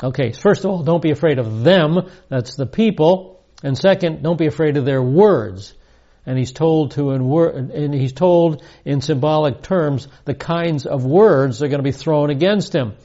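A man teaching through scripture verse by verse, his voice sitting a little high yet soft and mellow. He hammers key points by repeating them with rising stress, and the sound is slightly muffled and lo-fi. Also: moderate pace. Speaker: Bible teacher.

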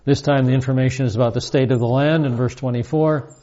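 A man teaches through scripture verse by verse, measured and explanatory, with a warm, mellow tone. He reads each passage aloud, then restates it plainly. The recording is a little dull and lo-fi. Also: medium pitch, steady tone. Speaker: Bible teacher.

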